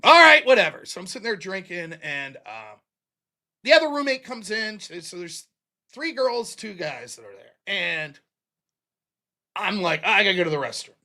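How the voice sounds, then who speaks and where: A middle-aged American man hosts a late-night stream and tells an embarrassing story in a loose, profane way, laughing as he goes. His voice is bright and his pitch swings widely. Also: a little slow. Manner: profane, animated, laughs often. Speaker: livestream host. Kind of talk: casual storytelling.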